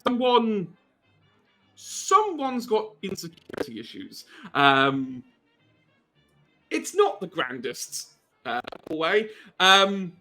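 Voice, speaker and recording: Male game master, bright tone, slow and meandering, dry jokes. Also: sits high, wildly swooping pitch, faint music behind. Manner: rambling, many ums, wry asides. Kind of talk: narrating a tabletop game.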